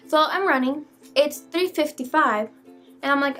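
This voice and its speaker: A young woman vlogger telling a storytime tale in an animated, exasperated way, swearing casually. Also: sits high, normal speed, faint music behind.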